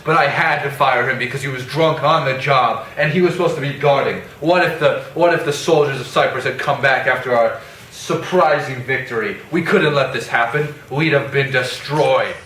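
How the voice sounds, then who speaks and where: A bright, casual Othello, played by a man who brags and rambles like a modern guy at a party. He tells his tale in slang, with faint room noise. The voice sounds roomy and set back from the mic. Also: medium pitch, normal speed, few pauses, lightly acted. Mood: rambling. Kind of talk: parody skit. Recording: echoey room, mic at a distance.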